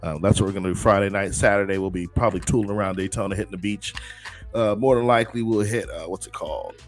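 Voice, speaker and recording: A man's voice: fairly low pitch, steady tone, quick pace, faint music behind. A man co-hosting a casual crypto stream, talking in a laid-back, rambling way with lots of fillers. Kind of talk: casual group chat.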